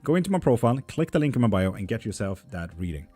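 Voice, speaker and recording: A man's voice: lowish voice, very animated, quick pace, warm tone, slightly rough, soft background music. A man hosting a live tarot stream, chatting casually with viewers and reading their comments. He talks in a joking, rambling way and swears freely.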